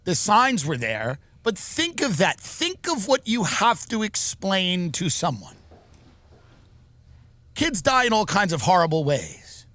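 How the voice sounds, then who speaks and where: A male podcast comedian riffs in a sarcastic, animated rant. His voice is high and bright and swings widely in pitch. The recording is dry and close. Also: slow, dry recording. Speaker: podcast host.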